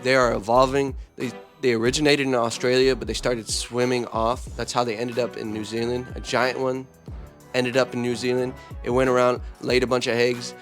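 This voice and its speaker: Energetic joking male vlog host. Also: medium pitch, moderate pace, faint music behind. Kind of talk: comedic vlog.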